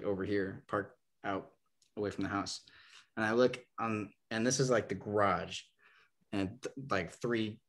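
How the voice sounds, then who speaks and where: A young adult man from Nebraska, his voice on the low side, tells a long, rambling story as a guest on a podcast. The casual storytelling is full of "like" and "um," and he brings the people in it to life with lively quotes.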